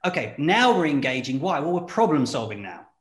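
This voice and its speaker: A man in casual conversation who talks in an animated way, acting out quoted voices and laughing often. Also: on the high side, brisk. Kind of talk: casual chat. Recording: echoey room.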